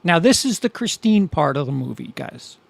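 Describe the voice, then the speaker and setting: A man's voice: on the high side, very animated, moderate pace, creaky. A man hosting a casual movie watch-along, making wry, rambling remarks and swearing casually. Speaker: host of a movie review channel.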